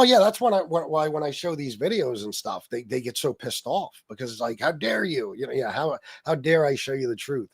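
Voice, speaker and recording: A man's voice: a little high, a little mellow. A middle-aged man hosting a political livestream, ranting angrily and sarcastically with plenty of swearing while answering his chat. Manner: angry, profane, sarcastic, talks to chat. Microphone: streaming mic.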